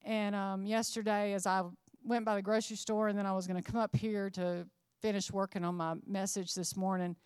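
A woman's voice: medium pitch, flat delivery, brisk, a little mellow, clean tone, dry recording, clean studio sound. A middle-aged woman preaching a sermon, earnest and emphatic, building her phrases up to rises.

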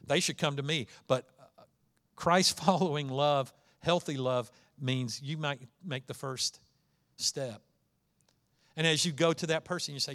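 A pastor preaching a sermon in a conversational way, with restarts, and rising to emphasis at times. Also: male voice, on the high side, unhurried, fairly bright tone.

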